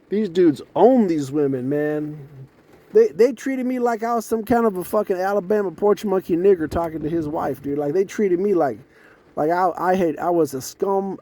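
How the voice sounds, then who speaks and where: A man's voice: high-pitched, mellow. Rambling, profane man telling a story. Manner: rambling, profane, halting with fillers. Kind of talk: casual storytelling vlog.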